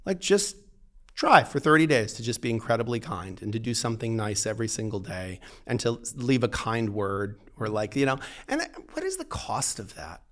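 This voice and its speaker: Animated, emphatic man telling stories. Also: lowish voice, moderate pace. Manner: emphatic, lots of "like", acts out quoted dialogue. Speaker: divorce lawyer, podcast guest. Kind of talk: animated conversational storytelling.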